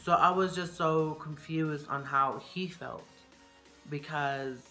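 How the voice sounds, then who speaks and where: A woman's voice: low-pitched, takes it slowly, pushed and bright, soft background music. A young woman telling a personal story in a casual, frank way, full of "you know" and "like".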